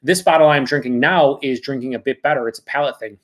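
A man's voice: mid-range voice, quick pace. A man hosting a live beer review, talking casually and reading out viewer comments, rambling and correcting himself.

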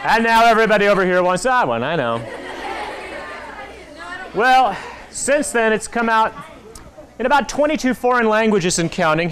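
A man in his forties giving an animated talk to children at a library, acting out the voices in his stories. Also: high voice, normal speed, pauses often, a crowd in the background, background noise. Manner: animated storytelling, acts out quoted voices. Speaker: author speaking to kids. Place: public library hall. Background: audience of children.

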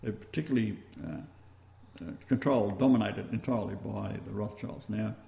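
A man with an Australian accent hosting a talk-radio show, rambling and halting as he goes. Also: lowish voice, creaky, dark tone, reverberant. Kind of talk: casual talk-radio chat.

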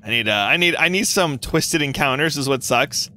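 A young man from North Carolina giving casual, rambling gameplay commentary as a gaming YouTuber, giggly and excitable. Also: fairly high pitch, moderate pace.

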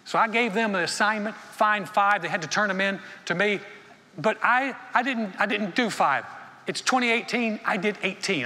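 A senior pastor preaching a sermon in a folksy storytelling way, acting out little dialogues between churchgoers. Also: male voice, on the high side, bright, forceful tone. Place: church auditorium. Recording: long hall reverb.

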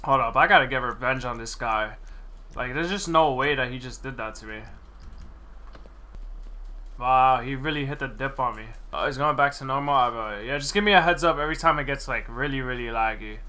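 Excitable young man streaming a game. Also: mid-range voice, fairly quick. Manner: excitable, laughs often, slangy. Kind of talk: casual gameplay commentary.

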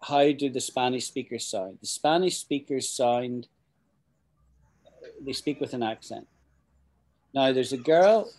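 Scottish guy teaching english, mellow voice, rambles a bit, lots of "you know". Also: medium pitch. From Scotland. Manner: chatty and rambling, with frequent restarts and "you know". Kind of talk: casual spoken English lesson.

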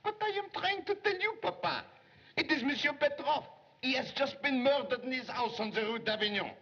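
Brief: eager, jumpy young police clerk, raised pitch, lively swoops, muffled old film sound. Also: male voice, normal speed, husky, exaggerated voice. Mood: excitable. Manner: jumpy, flustered, pleading. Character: excitable young male police secretary eager to be a detective. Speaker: police secretary. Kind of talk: 1930s film acting. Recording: dull 1930s film soundtrack.

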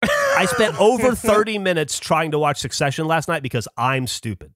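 A man's voice: a little high, big pitch swings, normal speed, a bit bright, dry recording, studio quality. A man on a podcast telling a rambling, swear-filled story about his own mistakes in a casual chat. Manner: swears a lot, ranting storyteller. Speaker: podcast co-host. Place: podcast studio.

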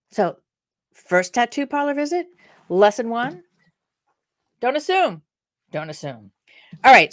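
A woman's voice: medium pitch, no echo, studio quality. An older woman, a career coach, telling a candid story casually on a live stream, with the odd swear word. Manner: animated and candid, with swear words. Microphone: webcam on a live stream.

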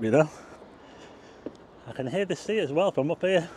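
A man's voice: fairly high pitch, expressive, moderate pace, a little mellow, husky. A man narrating a casual walking tour, chatting to his viewers and exclaiming at what he sees. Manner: chatty, addresses viewers as folks, exclaims at sights. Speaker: travel vlogger. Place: outdoors on town streets.

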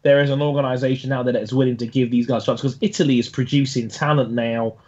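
A man co-hosting a casual motorsport chat, enthusiastic and halting with frequent restarts. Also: mid-range voice, steady tone, darkish tone, muffled recording. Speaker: podcast co-host.

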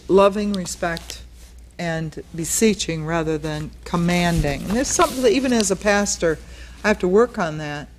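Recorded in a studio with a little hiss or hum, a woman pastor with a lowish voice teaches a Bible study casually and conversationally, unpacking word meanings and acting out the passages she quotes.

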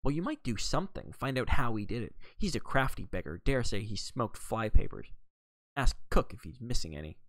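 A man reading a novel aloud, voicing a gruff, blunt middle-aged Englishwoman with a snappish, scornful manner. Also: medium pitch, very animated, a little fast, a bit bright, no room sound. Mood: indignant.

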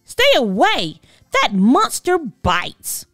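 A woman voicing a spiteful, sulky young girl with a shrill, whiny voice in a children's storybook. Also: huge pitch swings, takes it slowly, no echo, studio quality, faint music behind, exaggerated voice.

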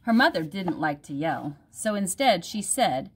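A woman, a teacher, reading a picture book aloud at home for her class in a gentle storytelling manner. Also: on the low side, very animated, unhurried, hardly any pauses, breathy edge.

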